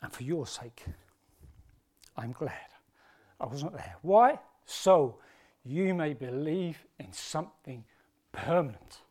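Man, preacher, sermon, impassioned, swings from hushed to loud, slightly high voice. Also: big pitch swings, takes it slowly, long pauses, breathy edge.

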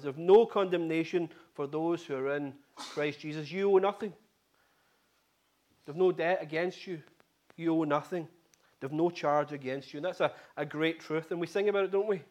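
A man preaching a sermon in an earnest way, repeating key phrases for emphasis. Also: sits high.

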